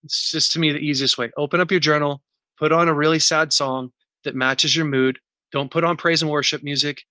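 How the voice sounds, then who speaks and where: A man's voice: a little high, steady tone, brisk, sharp tone, no room sound. A man speaking as a podcast interview guest, earnest and candid as he explains a process step by step. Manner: earnest, teaching in numbered steps; candid and emotional about personal pain. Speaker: podcast guest, recovery coach.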